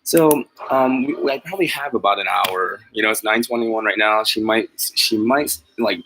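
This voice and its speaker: A man's voice: fairly low pitch, moderate pace, sharp tone, slight background noise, rough recording. A man chatting casually to his viewers, rambling and self-deprecating, laughing often, with many fillers and restarts. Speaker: mobile pet groomer vlogger. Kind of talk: casual chat to live viewers.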